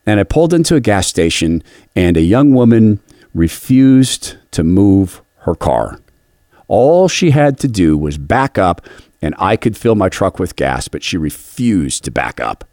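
Earnest man with a lively low voice. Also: measured pace, dry recording, studio quality. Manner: earnest, confessional storytelling. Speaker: radio host. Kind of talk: devotional radio talk.

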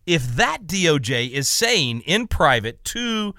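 Animated, indignant male radio host. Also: a little high, slow pace, no echo, studio quality. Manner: emphatic and indignant, stammering restarts. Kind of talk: opinionated talk radio commentary.

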